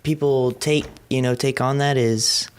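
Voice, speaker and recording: A young man co-hosting a podcast in a laid-back, halting way, with lots of fillers. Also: medium pitch, fairly even intonation, clean tone. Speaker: podcast co-host. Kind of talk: casual podcast chat.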